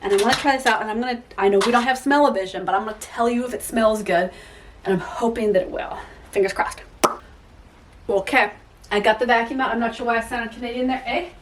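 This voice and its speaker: Woman home vlogger, slightly high voice, playful and jokey, recorded from a distance in a room with echo. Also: quick pace, a little hiss or hum. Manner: playful, joking, self-mocking asides. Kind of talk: casual chatty vlog while cleaning. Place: inside a house. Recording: echoey room, mic far off.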